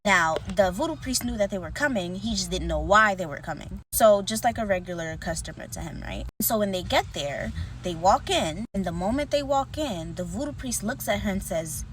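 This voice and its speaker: A woman's voice: medium pitch, lively intonation, normal speed, fairly bright tone, slight background noise. Chatty woman telling a spooky story. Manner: chatty, addresses the audience directly, acts out the characters' lines. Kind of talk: casual storytime narration.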